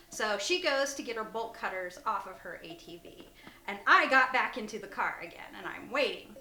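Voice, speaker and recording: A woman with a high, bright voice tells a spooky story as the casual host of her own show. Her pitch swings widely as she laughs her way through it, then sinks to a hush when things get tense. The room around her rings with an echo. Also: normal speed, a little hiss or hum. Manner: animated, laughs often, drops to a whisper at tense moments. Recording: echoey room.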